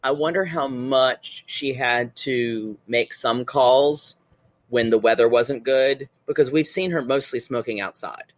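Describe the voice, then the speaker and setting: A man's voice: mid-range voice, no room sound. An American man co-hosting a podcast, recapping reality TV in casual chat, hedging and correcting himself as he goes. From United States. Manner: hedging, self-correcting, quick to laugh. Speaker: podcast co-host.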